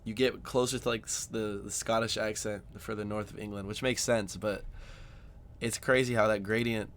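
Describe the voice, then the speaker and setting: A man's voice: lowish voice, steady tone, normal speed, a little hiss or hum. Chatty American man reacting. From United States. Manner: amazed, chatty, trails off quietly. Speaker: reaction video host. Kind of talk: casual reaction commentary.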